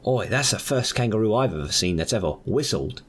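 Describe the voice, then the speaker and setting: A man voicing a half-blind, greedy male circus schemer in a put-on Australian accent, shouting eager lines that open with "Oi". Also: fairly low pitch, a little fast, husky. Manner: loud excited exclamations starting with "Oi".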